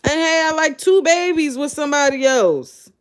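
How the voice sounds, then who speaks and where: Female host, high-pitched, blunt and incredulous casual commentary to viewers. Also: moderate pace. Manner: blunt, animated, incredulous, talks to the audience. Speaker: show host. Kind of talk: casual live reaction commentary.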